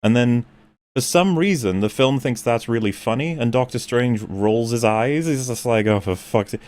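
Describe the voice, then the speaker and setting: A man's voice: medium pitch, normal speed, a little mellow. A man in a casual chat recapping a film scene by scene, hesitant, with many fillers and restarts. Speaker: stream panelist reviewing a film.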